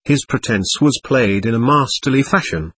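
A man reading a travel memoir aloud as an audiobook, in a measured, steady way. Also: mid-range voice, husky. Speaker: audiobook reader. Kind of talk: scripted narration of a travel memoir.

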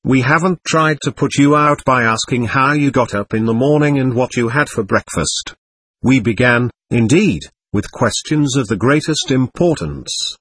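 A man's voice: medium pitch, moderate pace, fairly bright tone, slightly rough, no room sound, poor audio. A man voicing a genial, dignified examining magistrate who speaks with courtesy. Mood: courteous. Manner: courteous, approving.

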